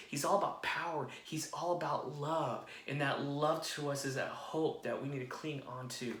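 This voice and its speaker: An earnest man delivers a devotional sermon in a steady mid-range voice. He checks in with his listeners again and again. A roomy echo surrounds his speech. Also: mid-range voice. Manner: earnest, repeats "okay?" to check in. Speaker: devotional speaker.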